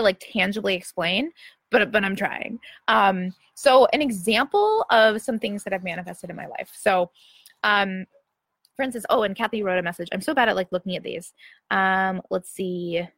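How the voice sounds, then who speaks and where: A woman's voice: medium pitch, gravelly, fairly bright tone, dry recording. Chatty young woman with a dry sound. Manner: chatty, filler-heavy, often asks "right?". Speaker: livestream host answering viewers. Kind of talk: casual motivational chat.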